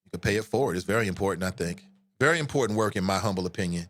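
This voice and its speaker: A man hosting a live call-in radio show, chatting with listeners in an animated, joking way that turns earnest. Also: fairly low pitch, quick pace, dry recording. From United States.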